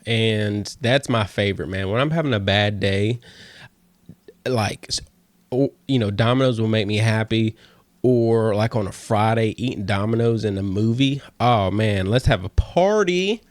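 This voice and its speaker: A man's voice: on the low side, measured pace, dry recording. A man hosting a casual solo podcast, talking playfully and slipping into a radio DJ countdown voice. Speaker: podcast host.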